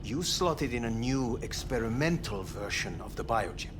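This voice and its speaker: A man's voice: mid-range voice, lively intonation, noisy background, lightly acted. A man playing a cold clinical scientist. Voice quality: measured, formal, detached. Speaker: game character.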